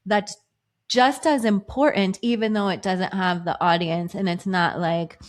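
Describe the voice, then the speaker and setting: A woman's voice: medium pitch, steady tone, moderate pace. A woman co-hosting a podcast, chatting casually with lots of "like" fillers and acting out her own past thoughts. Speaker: podcast co-host.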